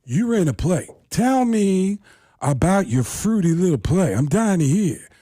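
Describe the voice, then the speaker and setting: A man doing a gruff menacing old actor. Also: high-pitched, sing-song, unhurried, dark tone, dry recording, studio quality, pitched above the performer's own voice, full character voice. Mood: mocking. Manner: menacing, taunting, staring. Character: gruff intense older male film actor impression.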